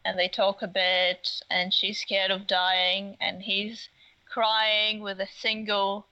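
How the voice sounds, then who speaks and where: A woman recaps a story on a podcast, slow and halting, stopping for uhs. Her voice is bright and clear-edged, while the recording sounds a little dull and lo-fi. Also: mid-range voice, monotone. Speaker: podcast co-host recapping the episode. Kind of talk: casual chat.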